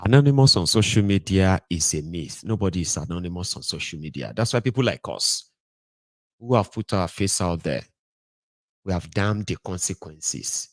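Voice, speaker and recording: A man's voice: low-pitched, lively intonation, normal speed, dry recording. A man with a Nigerian accent giving casual, storytelling political commentary, joking and hesitating with fillers.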